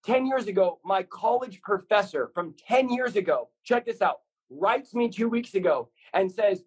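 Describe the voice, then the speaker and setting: A man's voice: high-pitched, expressive, moderate pace, few pauses, husky, poor audio. A man in his thirties, a pastor telling his story as a guest, passionate and rambling in a preacherly way. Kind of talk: fast energetic testimony sharing.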